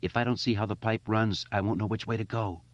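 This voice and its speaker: A man's voice: on the low side, fairly even intonation, fast, no echo, voice pushed up, natural voice. A man voicing a frail, anxious boy, reading in a slightly dull, lo-fi recording. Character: frail nervous boy, hardening.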